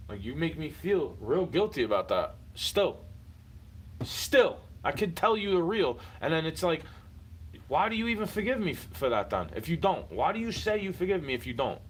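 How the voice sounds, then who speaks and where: A man's voice: fairly high pitch, sing-song, brisk, slight background noise, poor audio. A man venting in a heated, repetitive personal rant, speaking straight at someone he is fed up with and swearing often. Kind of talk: frustrated personal rant to camera.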